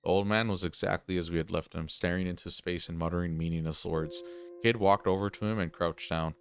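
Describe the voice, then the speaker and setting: Deep-voiced man reading a game aloud. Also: steady tone, a little fast. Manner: casual asides between read passages. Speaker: gaming channel host. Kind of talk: reading a text adventure aloud with commentary.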